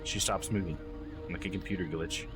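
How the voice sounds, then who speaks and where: A man's voice: sits low, fairly even intonation, fairly quick, over music. A man live-streaming a game, chatting with viewers and reading the game's text aloud.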